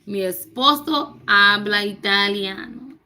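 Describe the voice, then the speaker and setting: Bright slow-talking woman chatting to her viewers while she works through a lesson, jokey. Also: medium pitch, slight background noise. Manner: chatty, joking, talks to viewers as y'all. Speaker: language learner vlogger. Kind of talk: casual chat while doing a recorded lesson.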